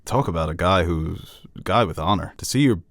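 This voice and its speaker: Low-voiced man giving opinionated TV talk. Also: lively intonation, normal speed, a bit bright, no room sound. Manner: opinionated, analytical. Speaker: podcast co-host. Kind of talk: casual TV review discussion.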